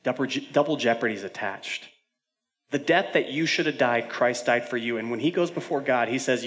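A male pastor delivers a sermon at a middle pitch, swinging from loud, urgent declarations down to hushed, almost whispered lines. Between points he slips into casual asides with fillers and self-deprecating jokes, then drives the message home again. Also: brisk. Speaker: senior pastor.

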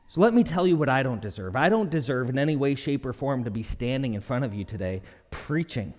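A young man preaching a sermon, animated and expressive, acting out quotes with shifting pitch. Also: a little fast. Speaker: pastor. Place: church auditorium. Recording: long reverb of a large hall.

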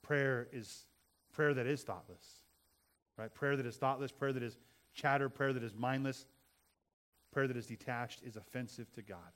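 A middle-aged man preaching a sermon in an earnest way, repeating phrases for emphasis and swelling to loud passages. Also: mid-range voice, steady tone, moderate pace. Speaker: pastor.

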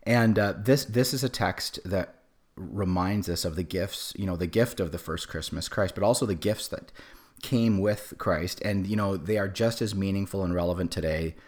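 A man's voice: deep voice, normal speed, darkish tone. A man in his forties with a cold, giving a casual sermon as a pastor, with many fillers and restarts. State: has a cold.

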